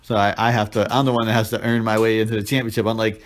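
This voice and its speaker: A man's voice: fairly low pitch, little pitch movement, rapid-fire, slight background noise. A man co-hosting a casual chat, teasing and trash-talking his friend.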